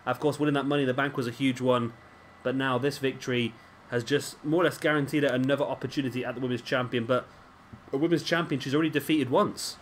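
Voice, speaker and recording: A man's voice: medium pitch, fairly even intonation, fast talker, slight background noise. A man giving casual, rambling commentary over a wrestling video game and often correcting himself. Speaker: gaming commentator.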